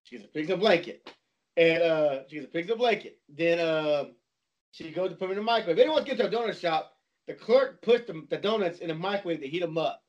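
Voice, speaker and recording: High-voiced rambling man, dull recording. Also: expressive, quick pace. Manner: rambling, with many restarts and repeated words. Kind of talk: casual storytelling chat.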